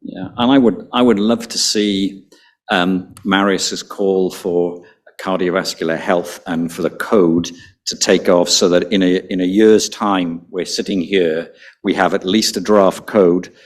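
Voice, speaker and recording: Deep-voiced male panel moderator. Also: fairly even intonation, unhurried. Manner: thoughtful, repeats words when starting sentences. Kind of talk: panel discussion.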